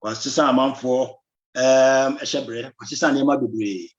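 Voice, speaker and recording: A man's voice: medium pitch, steady tone, normal speed, muffled recording. A man with a Ghanaian accent hosting a live diaspora talk show. He greets viewers by name, mixes Twi and English, and reads out phone numbers. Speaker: host. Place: Belgium.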